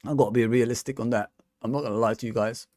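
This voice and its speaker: A man's voice: medium pitch, fairly even intonation, quick pace, a little mellow, dry recording, studio quality. A man hosting a casual fan live stream, ranting and repeating "come on, man" at the end of his points. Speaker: fan channel host.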